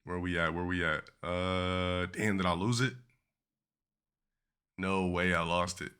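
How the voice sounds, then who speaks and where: Male streamer, deep and bright-toned, casual profane monologue that wanders. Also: flat delivery, a little slow, clean tone. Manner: rambling, profane, trails off mid-thought. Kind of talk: casual rant to chat.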